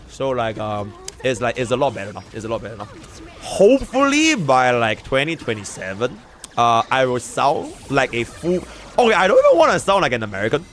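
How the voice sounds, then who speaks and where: A man's voice: medium pitch, very animated, brisk, fairly bright tone. A young man with a Singaporean English accent doing casual, slangy, profane live commentary while playing a game and talking to his chat. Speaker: streamer.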